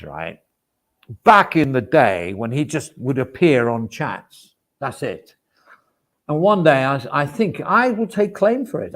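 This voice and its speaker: A middle-aged man chatting casually on a livestream, rambling and poking fun at himself with plenty of asides. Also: on the high side. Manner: rambling and self-deprecating; chatty, with frequent fillers and asides.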